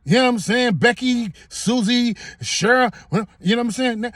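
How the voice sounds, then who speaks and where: A man's voice: extremely high pitch, moderate pace, fairly bright tone, dry recording, clean studio sound. A man telling a personal story straight to the camera in a casual, emphatic way, repeating himself and using everyday slang. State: getting emotional. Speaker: vlogger.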